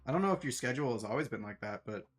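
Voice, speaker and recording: A man's voice: medium pitch, lively intonation, rapid-fire, slight background noise. A man streaming a game, chatting in a rambling, self-deprecating way and laughing often. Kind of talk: casual chat while gaming.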